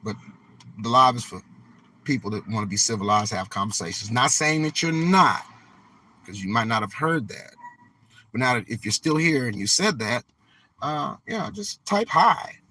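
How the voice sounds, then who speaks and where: A man hosting a live stream from a vehicle, talking to his chat in a slow, emphatic, preachy way and dragging out key words. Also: mid-range voice, lively intonation, bright, forceful tone, a little hiss or hum. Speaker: livestream host.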